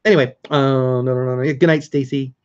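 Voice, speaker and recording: A man's voice: mid-range voice, steady tone, a little fast, a little mellow, clean tone, lo-fi sound. A middle-aged man hosting a casual live stream, chatting upbeat with viewers and answering their comments.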